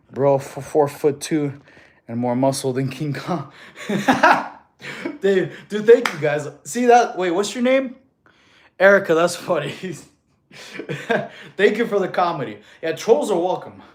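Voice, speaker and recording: A man coaching fitness on a casual live stream, relaxed and laughing often as he reads chat questions aloud. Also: a little high, a little slow.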